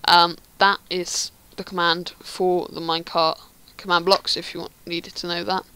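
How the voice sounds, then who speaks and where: A woman with a fairly low voice talks through a game tutorial. She rambles, restarts, and fills pauses with plenty of ums. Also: flat delivery, bright, forceful tone, clean tone, dry recording. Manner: rambling, hesitant, many ums. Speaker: Minecraft tutorial creator. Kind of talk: casual gameplay tutorial.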